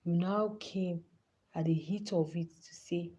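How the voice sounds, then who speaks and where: A woman's voice: medium pitch, unhurried, mellow, muffled recording. A woman in her thirties with a Nigerian accent, hosting a live stream and giving passionate, pleading commentary. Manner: impassioned, pleading.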